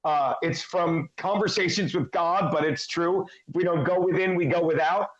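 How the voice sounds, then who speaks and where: A man's voice: a little high, steady tone, moderate pace, echoey room, highs cut off. A man on a casual reaction panel, ranting emphatically and swearing.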